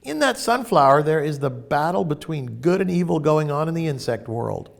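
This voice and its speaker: A man teaching in a casual spiritual talk, emphatic and animated as he tells stories. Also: fairly high pitch, normal speed, vocal fry.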